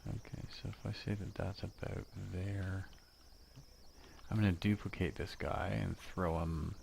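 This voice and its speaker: A man teaching a casual software lesson from home, chatting and joking while he works and talking to himself as he goes. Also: low voice, fairly even intonation, unhurried, gravelly, a little hiss or hum.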